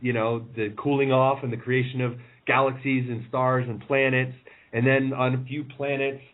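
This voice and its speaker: Musing man on a tinny phone line. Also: mid-range voice. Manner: musing, halting with restarts. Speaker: podcast guest. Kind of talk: casual conversation.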